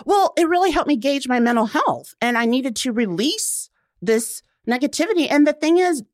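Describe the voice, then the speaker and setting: A woman around forty, a guest on a casual radio interview, telling stories with lively acted-out quotes. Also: high voice, moderate pace, no echo, studio quality. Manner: animated storyteller, acts out quotes. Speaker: guest, blogger.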